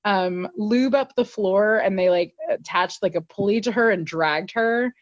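A woman's voice: medium pitch, a little slow, dry recording. A woman co-hosting a podcast, recapping an episode in casual, laughing, filler-heavy chat. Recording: dull lo-fi dry recording.

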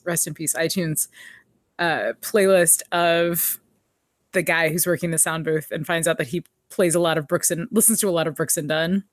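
A woman's voice: fairly low pitch, no echo, studio quality. A woman co-hosting a podcast, recapping a TV episode in casual chat, laughing often and quoting characters. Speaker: podcast co-host.

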